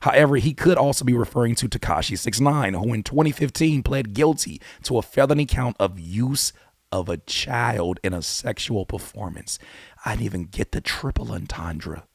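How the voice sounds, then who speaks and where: A man hosting a casual live reaction stream, swinging between loud excited outbursts and low muttering, mixing read-out notes with slangy commentary. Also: moderate pace, gravelly, breathy edge, no room sound, studio quality. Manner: mixes reading annotations aloud with slangy commentary. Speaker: YouTube host reacting to a song.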